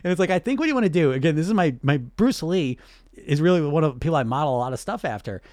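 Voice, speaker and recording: A middle-aged man coaching on weight loss and answering questions, blunt and animated, firing off rhetorical questions. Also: a little high, quick pace, no echo, studio quality.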